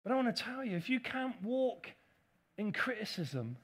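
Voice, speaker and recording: A man preaching a sermon as pastor, animated and acting out the voices of critics. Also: high voice, moderate pace, breathy edge.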